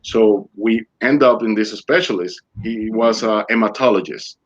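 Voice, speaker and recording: A man's voice: on the low side, normal speed, muffled recording. A man being interviewed online, telling his own story in non-native English and acting out other people's words. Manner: animated, acts out dialogue in other voices. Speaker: interview guest. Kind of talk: personal storytelling.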